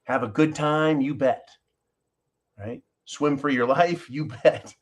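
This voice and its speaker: A man's voice: mid-range voice, slow pace. A man hosting a live stream, talking passionately and emphatically to his viewers, swearing freely and calling them folks. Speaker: live show host.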